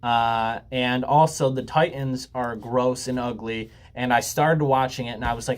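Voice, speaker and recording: A man's voice: medium pitch, a little slow, few pauses. A young man talking casually to camera, rambling and joking, with frequent ums and some swearing. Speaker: YouTuber. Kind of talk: casual laid-back talk to camera.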